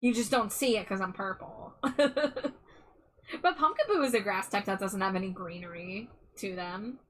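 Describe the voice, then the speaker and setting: A woman's voice: medium pitch, normal speed. A woman streamer chatting casually with her viewers, giggling often and reading their messages aloud. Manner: giggly, reads chat aloud. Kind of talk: casual live-stream chat.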